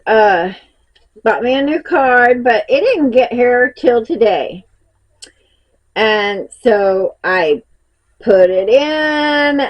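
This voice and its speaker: Woman, Southern US accent, slow unhurried talk, slightly high voice, a bit breathless, dull lo-fi sound. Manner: rambling, folksy, laughs often. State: a little out of breath. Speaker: crochet vlogger. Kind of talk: casual vlog chat.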